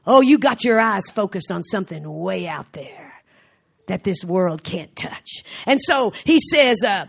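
A middle-aged woman preaching a fervent sermon, swinging from soft, slow passages to shouted exclamations and frequent laughter. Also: mid-range voice, animated, vocal fry. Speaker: traveling preacher.

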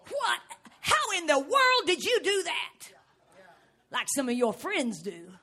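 A woman preaching a lively sermon to a congregation, often shouting and acting out little scenes. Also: extremely high pitch, a little slow. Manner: animated, shouting, acts out scenes. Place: church before a live congregation.

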